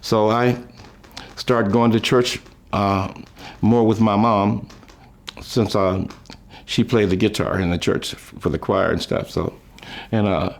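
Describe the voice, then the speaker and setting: An older man reminiscing about his life, telling rambling, folksy stories with chuckles, trailing off and restarting, and lifting his voice high when he quotes people. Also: fairly even intonation, slow pace, creaky, long pauses. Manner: raises his voice high when quoting others. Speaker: musician recalling his life. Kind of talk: rambling storytelling.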